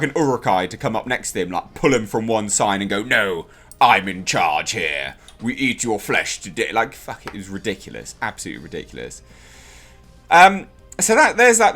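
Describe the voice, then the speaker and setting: A young man rants through a casual review, his pitch swinging widely as he complains. His voice sits at an ordinary middle pitch, and faint music plays behind him. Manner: exasperated, ranting, animated. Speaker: TV episode reviewer.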